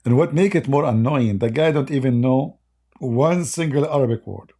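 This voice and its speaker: A man with a dark, gravelly voice hosts a casual livestream, trading sarcastic jabs and laughing at his own mockery. His tone is husky and a little hoarse, as if he is losing his voice. He speaks close to a desk microphone. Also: mid-range voice, normal speed. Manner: mocking, sarcastic banter with frequent laughter. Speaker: livestream debate host.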